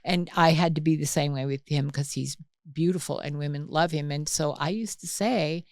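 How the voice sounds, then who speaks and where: A woman's voice: low voice, moderate pace, hardly any pauses, dry recording, clean studio sound. An older woman, a mother and podcast guest, telling family stories in casual chat, acting out quotes with lots of restarts. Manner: animated storyteller, acts out quotes, frequent restarts.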